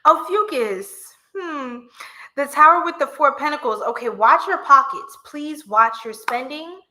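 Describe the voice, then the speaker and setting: A woman with a bright, forceful voice pitched a little high, hosting a casual livestream tarot reading. She is playful and chatty, laughs often and talks straight to her chat in easygoing slang. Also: animated, unhurried. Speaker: tarot reader and livestream host.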